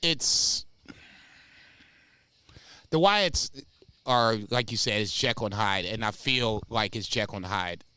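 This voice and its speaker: A man's voice: lowish voice, slow, long pauses, clear, resonant tone, no echo. A man co-hosting a casual wrestling podcast, emphatic and profane. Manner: animated, emphatic, profane, laughs often. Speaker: podcast co-host.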